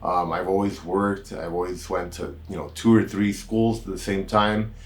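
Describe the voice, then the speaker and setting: American man telling a relaxed story. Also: deep voice, moderate pace. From United States. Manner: relaxed, rambling, with many "kinda" and "you know" asides. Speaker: doctor hosting a health channel. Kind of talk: casual storytelling to camera.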